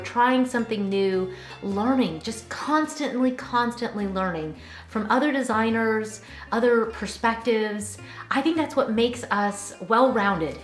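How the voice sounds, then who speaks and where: A woman's voice: on the high side, fairly bright tone. Bubbly chatty woman in an echoey room. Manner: bubbly, chatty, laughs easily. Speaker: interior design vlogger. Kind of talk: casual vlog chat.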